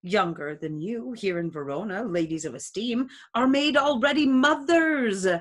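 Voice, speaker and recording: A woman reading the part of a stiff, proper noblewoman mother in a casual play reading, in a measured, even delivery. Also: on the high side, close to an everyday voice. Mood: formal. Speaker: reader.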